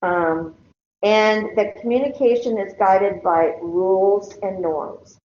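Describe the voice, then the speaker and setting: Speaking slowly in a medium-pitched, darkish voice, an older woman talks with a college class in a conversational lecture and checks in with the students. The lecture hall sounds roomy and dull, with a bit of hiss or hum.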